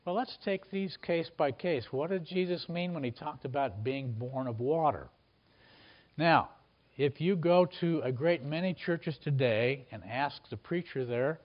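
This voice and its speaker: A man delivering a Bible teaching sermon in a mid-range voice, earnest and explanatory, often pausing on fillers and restarting his phrases. The recording sounds a little dull and muffled. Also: mid-range voice. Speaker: preacher.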